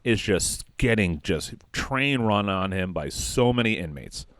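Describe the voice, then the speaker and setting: Rambling male comedy podcaster, lively pitch. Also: no echo, studio quality. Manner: rambling with frequent fillers and quick quoted voices. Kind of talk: improvised comic storytelling.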